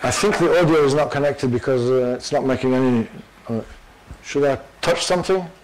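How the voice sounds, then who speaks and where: An older man giving a university lecture, animated and full of fillers. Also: mid-range voice, brisk, a little hiss or hum, low-quality recording. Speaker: guest lecturer.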